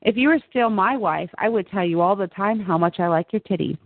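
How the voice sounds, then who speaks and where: A woman's voice: mid-range voice, brisk, dry recording, natural voice. A woman reading lines as a wild, giddy woman inmate with odd sayings, in an earnest, offbeat way. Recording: tinny phone-like line, dry.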